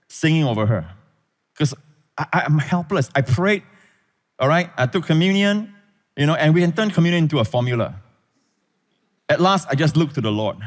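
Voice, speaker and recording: Man preaching in an echoing hall. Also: on the high side. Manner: preaching to a congregation, calling for amens, rising to shouted emphasis. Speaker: pastor. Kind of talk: sermon. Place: church auditorium. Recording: large hall reverb.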